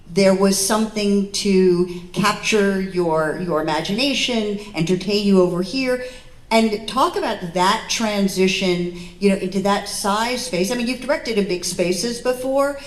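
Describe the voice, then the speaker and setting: A woman's voice: mid-range voice, echoey room. A woman moderating a festival panel, asking long, effusive, meandering questions. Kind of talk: interview questions.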